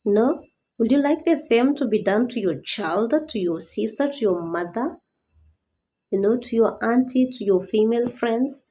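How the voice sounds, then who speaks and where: A woman's voice: a little high, expressive, unhurried, dark tone, poor audio. A woman giving a personal awareness talk as a disability advocate, earnest and pleading, rising to indignant questions.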